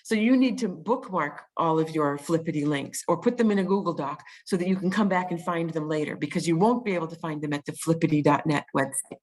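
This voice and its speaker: A woman's voice: deep voice, fairly quick, a little mellow, low-quality recording. A woman presenting an online teaching webinar, explaining step by step with frequent ums and restarts, on a video call mic.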